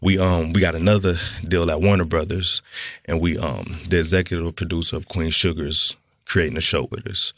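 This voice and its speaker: A man's voice: deep voice, a little fast, a bit bright, no room sound, studio quality. A middle-aged man, a guest author, telling stories in a laid-back, slangy way during casual podcast chat.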